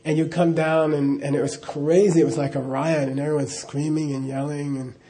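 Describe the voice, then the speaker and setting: Middle-aged man, fairly high and warm voice, loose chatty storyteller who keeps chuckling. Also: flat delivery, brisk. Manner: rambling, chuckling, full of "you know" asides. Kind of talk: casual spoken anecdote.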